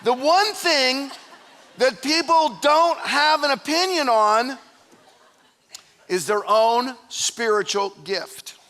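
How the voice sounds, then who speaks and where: A man's voice: extremely high pitch, slow pace, pushed and bright. A man preaching a sermon as pastor, joking and talking conversationally to the congregation. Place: church stage before a live congregation.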